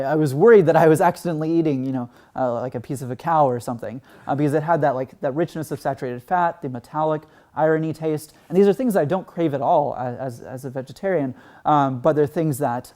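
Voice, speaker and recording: A man's voice: mid-range voice, mellow. A man from Texas giving an earnest conference talk, full of "um" and "like" fillers. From Texas, United States. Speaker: conference speaker.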